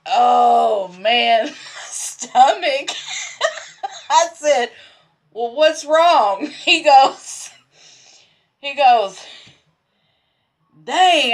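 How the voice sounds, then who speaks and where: A woman's voice: fairly high pitch, fairly bright tone. Giggly woman telling a story. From Texas. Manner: giggly, laughing through the story; rambling, repeats herself. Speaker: sewing vlogger. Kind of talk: casual storytelling.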